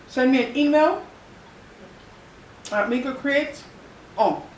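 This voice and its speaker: A woman vlogger chatting casually and playfully while eating, pausing to savor her food. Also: sits high, reverberant, distant mic, a little hiss or hum, poor audio. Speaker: mukbang vlogger.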